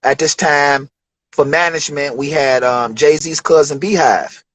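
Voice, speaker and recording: A man in his forties from Detroit, a rapper telling studio stories in a loose, profane, animated way during an interview. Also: fairly high pitch, unhurried, rough recording. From Detroit, USA. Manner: profane, animated storytelling with acted quotes. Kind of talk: casual storytelling interview.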